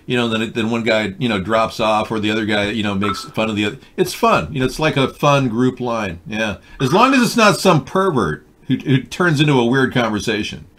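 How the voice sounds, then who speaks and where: A middle-aged man hosts a live call-in stream, chatting and bantering in a lively voice that swings up and down. His pitch sits in the middle, and he talks loosely and casually with his caller. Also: a little fast, few pauses, slight background noise. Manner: animated, bantering, drifts into a put-on accent. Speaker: live stream show host.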